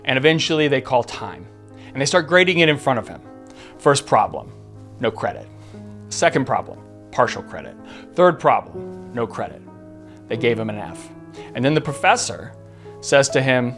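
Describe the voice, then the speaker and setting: Guy hosting a podcast, earnest storytelling, mid pitch, soft guitar behind. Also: big pitch swings, moderate pace, long pauses. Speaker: podcast host. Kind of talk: storytelling narration. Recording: faint guitar music behind. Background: soft guitar music.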